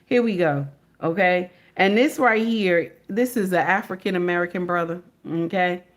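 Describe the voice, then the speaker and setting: A woman's voice: on the low side, normal speed. A middle-aged woman hosting a reaction livestream, speaking casually in slangy, emphatic speech and repeating her points.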